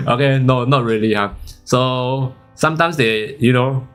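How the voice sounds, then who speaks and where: A man's voice: medium pitch, measured pace, fairly bright tone, clear, resonant tone, faint music behind. A man with a Singaporean accent hosting a forex live stream, chatting casually and giggling often, with lots of "okay" and "huh". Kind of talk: casual chat during live trading.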